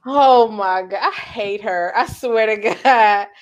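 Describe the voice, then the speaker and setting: A woman co-host talking in in a loose, casual chat. She swears freely and breaks into laughter often. Her voice sits at a middle pitch. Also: slow. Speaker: podcast co-host.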